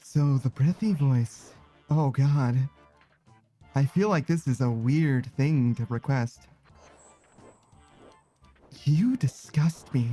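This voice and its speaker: A man's voice: medium pitch, takes it slowly, mellow, faint music behind. A man casually chatting with viewers while he plays a game, rambling, self-conscious and laughing often. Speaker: streamer.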